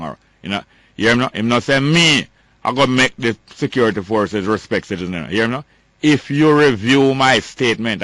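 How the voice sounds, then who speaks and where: Emphatic Jamaican man with a low voice. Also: a bit bright, no echo. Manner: emphatic, repetitive, ranting. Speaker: talk show host. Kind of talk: political commentary.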